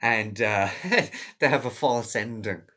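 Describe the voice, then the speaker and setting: A man's voice: mid-range voice, takes it slowly, pushed and bright. A man delivering a rambling, profane monologue, laughing often as he digresses. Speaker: vlogger.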